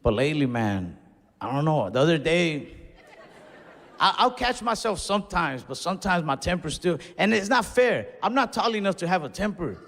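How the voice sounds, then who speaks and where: A man's voice: fairly high pitch, animated, normal speed, vocal fry, fairly bright tone, a little hiss or hum. A young man doing a stand-up comedy set, telling stories in a laid-back way and acting out his own outbursts. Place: comedy venue, large hall. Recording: live hall reverb, faint crowd ambience.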